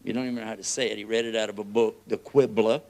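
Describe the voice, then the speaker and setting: A man with a Texan accent preaching a lively, joking sermon, often laughing and swinging between loud and soft. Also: lowish voice, rapid-fire. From United States.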